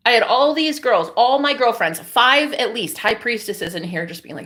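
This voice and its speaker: A woman's voice: fairly high pitch, lively intonation, normal speed, hardly any pauses, fairly bright tone. A woman content creator talking straight to camera in a casual vlog monologue, candid and emphatic, with plenty of swearing. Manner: candid, profane, emphatic self-talk.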